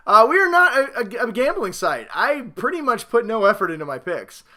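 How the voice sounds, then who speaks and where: A man hosting a casual football talk show, rambling and self-mocking, swinging between loud hype and low mutters. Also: very animated, brisk. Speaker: podcast host.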